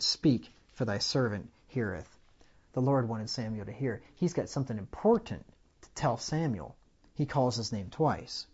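Paraphrasing scripture in plain speech, this preacher keeps an easy, conversational tone but raises his voice into loud swells for the dramatic quotations. He has a mid-range, breathy voice, and the high frequencies are cut off.

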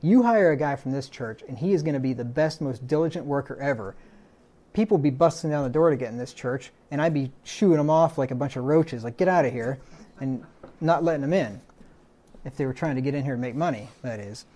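A man's voice: mid-range voice, a little fast, mellow. A man preaching a sermon as pastor, reading a string of verses aloud and adding plain asides.

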